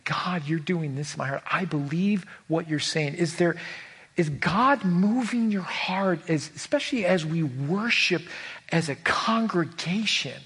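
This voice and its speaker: A husky-voiced man preaching a heartfelt sermon. He talks earnestly, stumbles and repeats words as he goes, and moves between hushed, tender stretches and raised, urgent ones. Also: fairly high pitch. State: emotional. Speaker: pastor.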